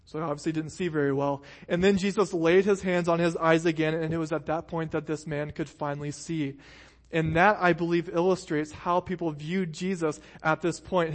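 Male pastor, sermon, slightly higher voice, conversational, frequent rhetorical questions. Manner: conversational preaching, frequent "right?" asides.

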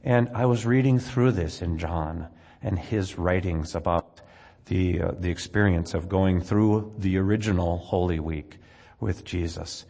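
A man preaching a sermon, earnestly retelling scripture with dramatic rises and drops in loudness. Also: low voice, steady tone, unhurried, creaky. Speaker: pastor. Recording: long hall reverb.

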